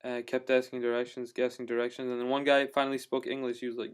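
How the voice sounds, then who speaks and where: A man's voice: medium pitch, monotone, fast talker, clean tone. A man telling a travel story in a casual video diary, rambling with lots of fillers and restarts, enthusiastic about what he saw. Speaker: travel vlogger.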